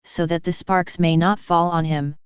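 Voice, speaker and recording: A practical young peasant girl, poor but brave, talks, as a woman reads her in a smooth, very clear voice. The sound is dry and a touch dull. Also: fairly low pitch, fairly even intonation, normal speed, no echo, lightly acted. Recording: slightly dull, dry recording.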